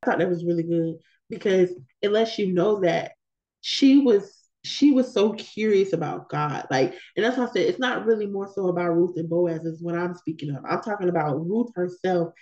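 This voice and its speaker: A woman's voice: fairly low pitch, normal speed, dark tone, dull audio. A woman leading a women's Bible study, reading scripture and talking it through in a conversational way with emphatic repetitions. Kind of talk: scripture reading with casual commentary.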